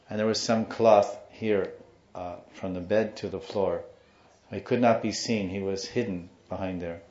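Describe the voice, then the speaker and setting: Brief: low-voiced male spiritual teacher, animated storyteller, dull roomy recording. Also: a little slow. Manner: animated storyteller, acts out the people in his story. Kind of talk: devotional storytelling lecture.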